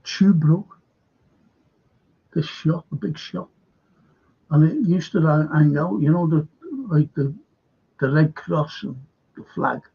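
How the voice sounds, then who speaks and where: A man's voice: a little high, fairly even intonation, slow pace, gravelly, long pauses, slightly rough, highs cut off. A man with a Scouse accent from Liverpool, hosting a livestream in a blunt, rambling monologue full of restarts and swearing. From Liverpool, England. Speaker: livestream host.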